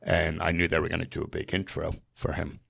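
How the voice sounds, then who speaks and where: A man from New Jersey, a podcast guest, telling a story in earnest, animated style with frequent fillers. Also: low voice, a little fast, creaky. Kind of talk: emotional storytelling in conversation.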